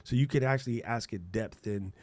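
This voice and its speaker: A middle-aged man co-hosting a podcast in casual chat, animated and playful, full of slang and mouth-made sound effects. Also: fairly low pitch, a little fast, no room sound. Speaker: podcast co-host.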